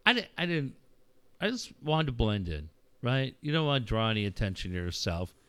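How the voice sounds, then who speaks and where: A man's voice: mid-range voice, very animated, fairly quick, fairly bright tone, clear, resonant tone, no room sound. A middle-aged man hosting a podcast, telling personal stories in a candid, reflective way and swearing freely. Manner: candid, profane, reflective storytelling. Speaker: podcast host. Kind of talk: casual conversation.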